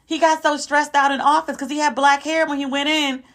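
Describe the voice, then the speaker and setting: A woman hosting a podcast, telling stories in a chatty, animated way with asides to her listeners. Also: sits high, brisk. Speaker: podcast host. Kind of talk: casual storytelling recap.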